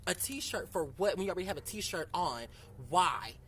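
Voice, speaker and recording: A woman vlogger telling a story in a casual, animated and profane way, sitting outdoors. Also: lowish voice, moderate pace, slight background noise. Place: outdoors in sunlight.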